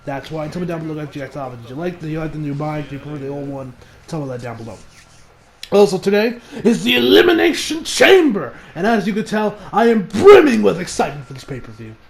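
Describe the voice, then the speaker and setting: Excitable young man with a lively voice. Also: a little high, fast, creaky. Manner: excitable, profane, laughs a lot. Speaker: anime reviewer. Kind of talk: casual chat. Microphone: new home mic.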